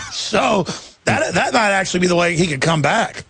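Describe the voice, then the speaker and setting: A man hosting a talk radio show, with a gravelly, husky voice that sits a little high for a man. He rants in a heavily sarcastic way and laughs at his own jokes, and the studio sound is dry and close. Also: animated, measured pace, bright, forceful tone, no echo.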